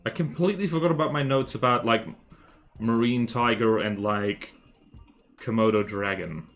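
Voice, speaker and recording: A man's voice: mid-range voice, normal speed, fairly bright tone, soft background music. A young adult man casually chatting while drawing on a livestream, playful, jokey and rambling.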